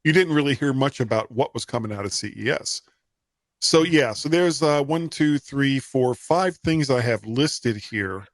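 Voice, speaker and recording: A man's voice: mid-range voice, lively intonation, measured pace, no room sound. A man from the US co-hosting a casual tech podcast, laid-back, with dry joking asides. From United States. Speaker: podcast co-host.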